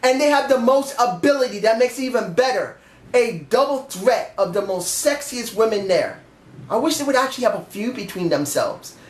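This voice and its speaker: A man's voice: extremely high pitch, lively intonation, normal speed. A man giving a rambling, emphatic and candid casual review of a wrestling show. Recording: echoey room.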